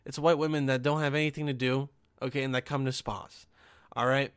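A man's voice: medium pitch, flat delivery, a little fast, clean tone, no room sound, clean studio sound. A young man hosting a podcast, ranting casually and profanely with lots of restarts and sarcastic asides. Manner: frequent restarts and "okay?" asides. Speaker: podcast host.

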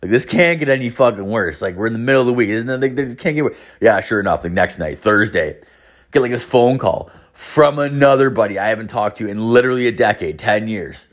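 A man's voice: fairly low pitch, lively intonation, fairly quick. A man in his late thirties telling a rambling, profanity-heavy story about drunk calls and hangovers. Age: 30s. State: hungover. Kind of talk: casual storytelling monologue.

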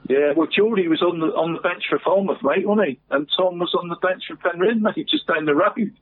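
Husky man rambling through football results. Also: sits high, brisk. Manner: says "mate" constantly, chatty and rambling. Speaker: local football results presenter. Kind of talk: casual radio football chat. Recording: phone-like radio line.

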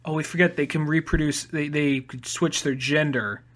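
A podcast co-host chats casually, rambling with lots of fillers and restarts and swearing now and then. His voice is a little high, fairly bright, and steady, at a moderate pace.

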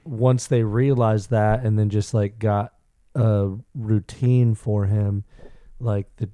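A man's voice: on the low side, steady tone, slow, warm tone, clear, resonant tone, dry recording. A man co-hosting a podcast in casual chat, laughing and explaining himself carefully. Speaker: podcast co-host.

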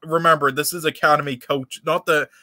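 A man's voice: a little high, fairly even intonation, brisk, sharp tone, no echo. A man co-hosting an esports podcast, rambling and cursing casually with lots of fillers. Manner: rambling, profane, many fillers. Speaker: podcast co-host.

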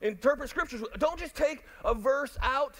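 High-voiced, animated preaching man. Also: moderate pace. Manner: animated, jokey, talks to the crowd and online viewers. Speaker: pastor. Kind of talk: sermon.

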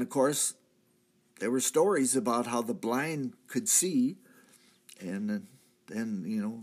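A man's voice: mid-range voice, darkish tone, breathy edge. A man playing a repentant thief from the crucifixion, telling his story earnestly in a church drama monologue. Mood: reflective. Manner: earnest storytelling, swelling to cries at key moments. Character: repentant male thief, crucified, now redeemed.

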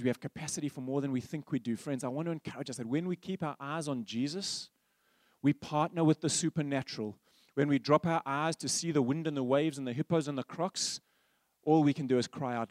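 A male pastor preaching a sermon, telling stories that swing from animated to hushed. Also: medium pitch, brisk, no echo, clean studio sound.

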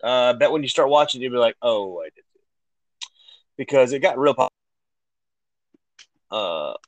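Profane, animated man in his thirties. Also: medium pitch, normal speed, no echo, poor audio. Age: 30s. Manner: profane, animated retelling with acted-out quotes. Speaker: podcast co-host. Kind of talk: casual chat.

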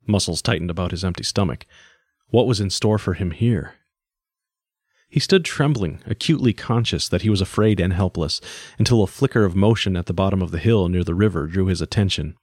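Brief: male audiobook narrator, lowish voice, dry close recording. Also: no room sound. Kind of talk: scripted narration.

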